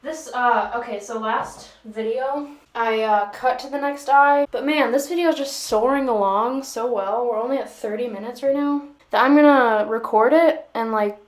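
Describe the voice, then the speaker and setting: A woman's voice: fairly high pitch, moderate pace, few pauses. Rambling, jokey woman doing her makeup. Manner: rambling, self-mocking, joking asides. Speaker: beauty vlogger. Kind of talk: chatty makeup tutorial. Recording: echoey room.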